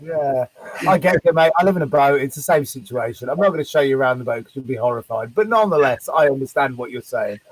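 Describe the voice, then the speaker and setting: A man hosting a casual interview, relaxed and chatty, asking questions and passing on viewer comments. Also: mid-range voice, fast, no echo, rough recording. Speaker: interview host.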